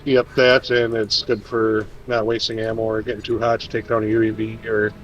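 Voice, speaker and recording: A man's voice: lowish voice, monotone, fairly quick, fairly bright tone, dull audio, soft background music. A man on a voice chat, casually explaining game tactics to teammates. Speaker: teammate giving build advice.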